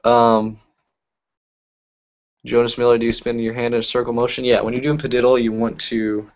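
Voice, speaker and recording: A man's voice: medium pitch, little pitch movement, normal speed, highs cut off. A man hosting a casual live stream about magic, telling stories in a rambling way, correcting himself and laughing often. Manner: rambling, self-correcting storytelling with frequent laughs. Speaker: YouTube magic and cardistry creator. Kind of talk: casual live-stream chat answering comments.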